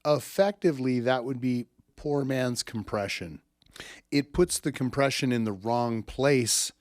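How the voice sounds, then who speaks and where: A man's voice: mid-range voice, no echo, studio quality. A man, an audio engineer, giving a casual spoken lesson on microphone technique in a blunt, emphatic way, swearing freely and often checking in with "right?". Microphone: studio microphone with tube preamp.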